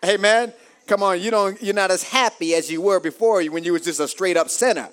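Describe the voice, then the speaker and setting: A man preaching a call-and-response sermon, shouting rising phrases and calling out to the congregation for amens. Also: sits high, a little fast.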